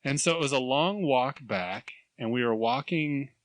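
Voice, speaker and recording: A man's voice: mid-range voice, expressive, normal speed, dry recording. A middle-aged man co-hosting a podcast, telling a rambling, self-mocking story in casual chat. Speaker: podcast co-host.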